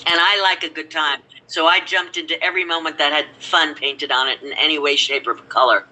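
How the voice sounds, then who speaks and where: Older actress, chatty anecdote-teller, bright cutting voice. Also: female voice, sits low, brisk, poor audio. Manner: rambling animated storytelling. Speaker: actress guest. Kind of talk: casual reminiscing.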